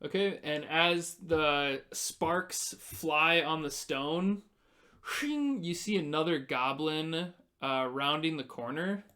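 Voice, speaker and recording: A male game master narrates a tabletop fight at an unhurried pace. His voice sits a little high, and he stops often to explain the rules. The delivery is casual and patient. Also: sharp tone.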